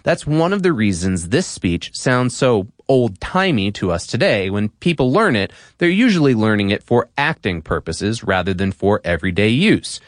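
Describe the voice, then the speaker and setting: Lively explainer-podcast man. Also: on the low side, moderate pace, hardly any pauses, no echo, studio quality. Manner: explanatory, playful. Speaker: podcast host. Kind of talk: scripted narration.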